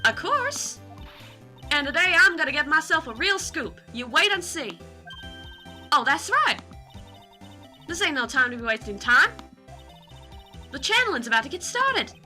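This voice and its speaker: A woman voicing a loud, brash female paranormal photographer in a put-on American Southern accent, talking in a boisterous, folksy way. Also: high-pitched, very animated, a little slow, pauses often, faint music behind, pitched above the performer's own voice, heavily acted.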